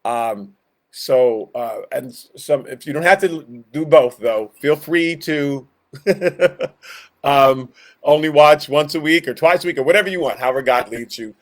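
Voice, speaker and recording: A man teaching a Bible study as a pastor, animated and acting out the voices he quotes to online viewers. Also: mid-range voice, measured pace. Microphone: streamed to online viewers.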